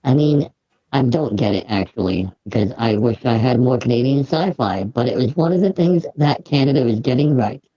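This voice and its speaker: A person playing a robot guest who talks earnestly and in a measured way about science fiction. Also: medium pitch, animated, dark tone, husky, no room sound. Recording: dull lo-fi audio.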